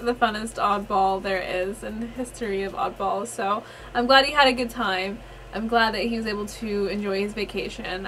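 A woman's voice: medium pitch, pushed and bright. A woman hosting a fan reaction video, gushing and laughing often as she comments. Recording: audible background noise.

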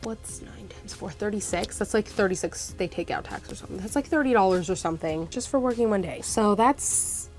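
A woman's voice: mid-range voice, animated, a little fast, hardly any pauses, a little mellow, soft background music. A young woman vlogging in a casual storytime style, talking frankly with plenty of "like" and swearing. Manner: chatty, frank, lots of swearing and "like".

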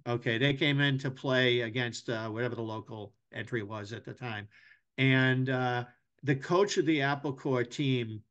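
A middle-aged man, a hockey journalist guest on a podcast, chatting casually and telling long rambling anecdotes that turn loud and animated. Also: medium pitch, moderate pace, muffled recording.

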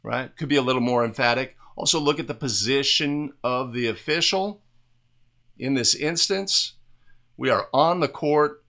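A man with a bright, forceful voice talks through game footage like a coach at a whiteboard. He explains each point plainly, restarts his sentences now and then, and keeps asking "right?" to bring the listener along. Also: medium pitch, moderate pace. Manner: explanatory, repeatedly tags statements with "right?"; restarts and fillers while talking over video. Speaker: basketball officiating instructor. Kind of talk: video play review commentary.

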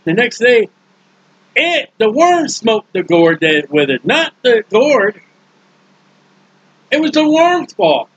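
A man preaching in a casual Bible teaching style, folksy and joking, acting out characters in quick asides. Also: extremely high pitch, big pitch swings, fairly bright tone, husky, no room sound, muffled recording.

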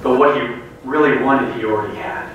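A man giving a sermon to a room of students, telling a joke story with lively character voices before turning to a Bible passage. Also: medium pitch, brisk, muffled recording. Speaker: guest speaker. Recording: very echoey room from a distance, faint noise.

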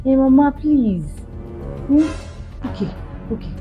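A woman's voice: sits high, expressive, measured pace, lo-fi sound, soft background music. A woman playing a tired, pregnant Nigerian young wife in a comedy skit, pleading and apologetic.

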